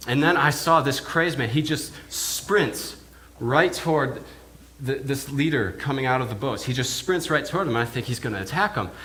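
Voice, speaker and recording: A male minister plays an awed village pig herder, speaking at an ordinary middle pitch. He stumbles, repeats and restarts his words as he tells of what he saw. A faint hiss sits under the voice. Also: animated, normal speed, hardly any pauses, bright, forceful tone. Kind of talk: in-character first-person sermon monologue. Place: church.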